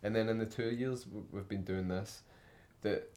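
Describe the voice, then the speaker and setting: A man's voice: on the low side, steady tone, normal speed, dark tone. A young man, a band member chatting casually and laughing as he tells stories in an interview. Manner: laughing, chatty, acts out quotes.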